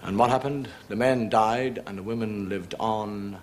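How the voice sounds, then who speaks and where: A man's voice: lowish voice, unhurried, heavy background noise. An Irish man doing a stand-up comedy monologue in a dry, wry storytelling manner. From Ireland.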